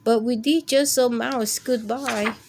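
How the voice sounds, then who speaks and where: A woman's voice: a little high, fairly even intonation, takes it slowly, darkish tone, slight background noise. A woman voicing a flock of cheerful birds in a children's storybook.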